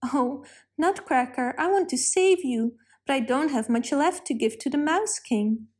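Lady doing a scared little girl, high earnest voice, slow storybook pace. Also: lively intonation, a little mellow. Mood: sad. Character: frightened little girl Maria, pleading.

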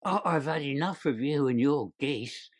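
A man reading an audiobook, voicing an angry market salesman who shouts fiercely. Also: mid-range voice, moderate pace, husky.

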